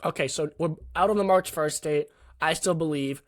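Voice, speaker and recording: Higher-voiced man steering sports chat. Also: normal speed. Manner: steering the talk, laughing. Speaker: podcast host.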